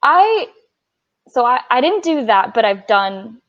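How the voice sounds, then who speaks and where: Young woman, twenties, coxswain, casual podcast chat, animated storytelling, muffled lo-fi sound. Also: on the high side, slow pace. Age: 20s. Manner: animated storytelling, acting out quotes. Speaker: coxswain guest. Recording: dull lo-fi audio.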